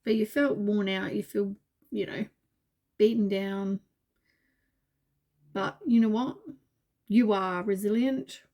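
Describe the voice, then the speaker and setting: A woman's voice: mid-range voice, steady tone, takes it slowly, long pauses, dark tone. Tired, rambling woman reading tarot. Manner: meandering, full of fillers, reassuring. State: tired, yawning. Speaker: tarot reader.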